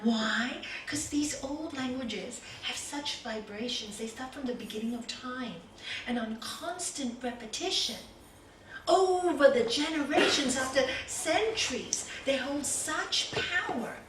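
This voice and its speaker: A woman's voice: sits high, expressive, a little slow, fairly bright tone, a little hiss or hum. An older woman giving a spiritual talk as a yoga teacher to a group, telling stories, asking rhetorical questions and repeating words for emphasis. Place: hall with a group. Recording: roomy echo, from a distance, faint ambience.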